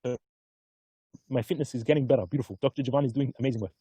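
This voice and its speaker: A man chatting casually on a live stream from an outdoor hilltop, easygoing and often excited. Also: medium pitch, very fast, husky, no echo. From Australia. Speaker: stock market vlogger.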